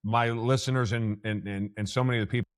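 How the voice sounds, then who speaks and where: A man's voice: medium pitch, fairly even intonation, fast talker. A middle-aged American man hosting a podcast, talking in a rambling way with lots of restarts and asides. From United States. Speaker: podcast host. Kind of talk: conversational interview.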